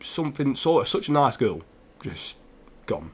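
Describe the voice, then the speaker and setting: A young man speaking straight to his stream audience, tearful and on the edge of crying. He talks earnestly and haltingly, stumbling over restarts and repeating himself, at a medium pitch for a man. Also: very animated, husky. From England. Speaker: gaming streamer. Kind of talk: emotional personal address to stream viewers.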